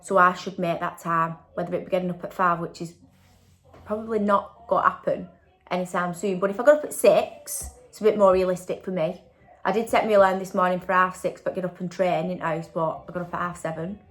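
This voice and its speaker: A woman's voice: lowish voice, steady tone, a little fast. A woman, chatting casually in a vlog and tagging questions onto her sentences. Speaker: vlogger. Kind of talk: casual chat.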